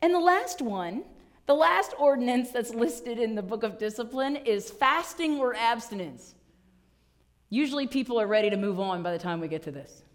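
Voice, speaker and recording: Woman pastor, sermon delivery, storyteller who slips into voices, a bit high-pitched. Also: expressive, normal speed. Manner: storytelling, playful, acts out voices in quotes.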